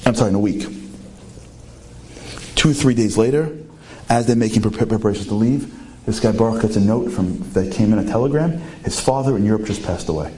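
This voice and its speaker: A man telling a story in a sermon, animated and full of rhetorical questions. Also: fairly low pitch, brisk, slight background noise.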